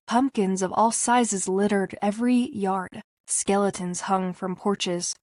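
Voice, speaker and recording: A woman's voice: medium pitch, darkish tone, no room sound. Woman narrating an audiobook, dry close sound. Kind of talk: scripted narration.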